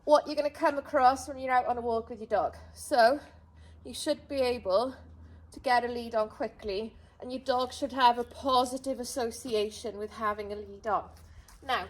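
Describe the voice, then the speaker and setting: A woman explaining dog training step by step in a calm, unhurried way, now and then calling her dog in a high sing-song voice. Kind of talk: outdoor dog training lesson.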